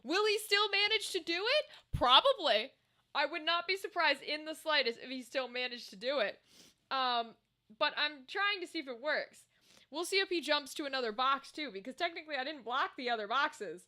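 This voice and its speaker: A young woman with a high-pitched, bright voice, talking casually to her stream audience. She rambles from thought to thought with plenty of swearing. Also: moderate pace. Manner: rambling, animated, swears freely. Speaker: streamer chatting with viewers. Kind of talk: casual live-stream chat while gaming.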